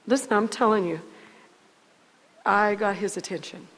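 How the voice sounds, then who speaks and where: A woman telling a personal faith testimony in a halting, earnest way, often repeating her words as she goes. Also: mid-range voice, fairly even intonation, long reverb tail, poor audio. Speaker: guest sharing testimony.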